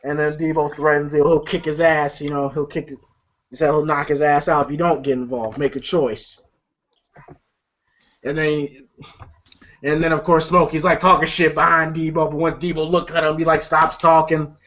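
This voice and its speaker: A man's voice: on the high side, little pitch movement, moderate pace, a bit bright. A man hosting a casual movie review chat, retelling scenes with lots of fillers and laughs. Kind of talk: casual chat recapping a film. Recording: dull lo-fi recording.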